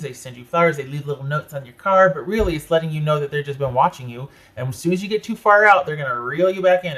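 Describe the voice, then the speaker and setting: A slightly high-voiced man doing a casual tarot reading. He talks in a loose, conversational way, breaks off mid-thought for animated asides, and corrects himself as he goes. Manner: chatty, self-interrupting, animated asides. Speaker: tarot reader.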